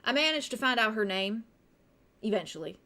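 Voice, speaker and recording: A woman voicing a grieving middle-aged male scientist who talks in a courteous, measured and coaxing way. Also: on the high side, expressive, pushed and bright. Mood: persuasive.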